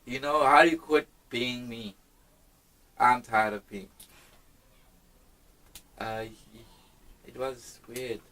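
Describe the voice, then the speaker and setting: A man from South Africa, a hip-hop artist, talking in a casual interview with a reflective, halting manner full of restarts. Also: mid-range voice, pushed and bright, rough recording.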